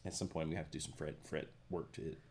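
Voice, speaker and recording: A man's voice: extremely low pitch, fast talker. A man co-hosting a guitar shop live stream, chatting casually about gear and reading viewer comments aloud. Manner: relaxed, rambling, lots of fillers and restarts.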